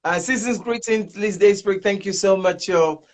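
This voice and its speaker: A woman hosting an online interview show, relaxed and encouraging, with short responses. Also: medium pitch, normal speed. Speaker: host.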